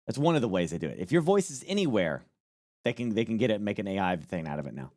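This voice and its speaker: A man's voice: lowish voice, big pitch swings, fast, a little mellow, dry recording, studio quality. A man live-streaming casual commentary, rambling and joking with plenty of swearing. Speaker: streamer reacting to a news clip.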